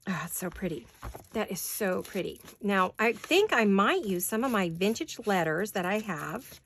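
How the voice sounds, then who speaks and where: A woman chats easily to her viewers as she works on paper crafts in her home studio. She thinks out loud and laughs easily. Her voice has a gravelly texture, and there is a faint hiss in the background. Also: mid-range voice, lively intonation. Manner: chatty, thinks aloud while working, quick to laugh. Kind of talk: casual crafting chat to camera.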